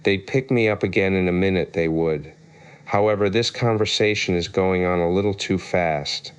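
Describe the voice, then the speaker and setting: A man's voice: low-pitched, steady tone, clean tone, natural voice. Humpty Dumpty, a man voicing a pompous egg. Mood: lofty. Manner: lofty, argumentative, quick to take offence. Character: pompous touchy egg-shaped man on a wall.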